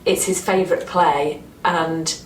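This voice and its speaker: A Northern English woman, an actress being interviewed, who talks with animated enthusiasm and often restarts her sentences. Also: deep voice, a little slow. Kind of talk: casual interview chat. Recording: roomy, distant mic with faint noise.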